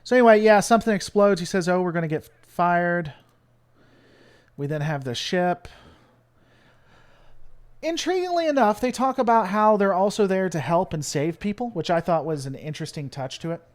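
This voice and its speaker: A man's voice: high voice, animated, a little fast. A man from the United States hosting his channel, rambling and joking with lots of fillers in casual live-stream commentary. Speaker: channel host.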